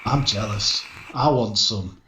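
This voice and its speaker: A man's voice: fairly low pitch, slow, sharp tone, a little hiss or hum. A man hosting a casual livestream, jovially greeting viewers by name. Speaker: show host. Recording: echoey, dull online call audio.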